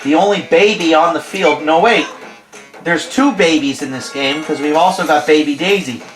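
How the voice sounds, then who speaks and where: A man's voice: on the high side, normal speed. A man with a stuffy nose giving playful, jokey play-by-play of a video game, often correcting himself. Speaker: host, play-by-play commentator. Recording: roomy sound with music behind. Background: game music.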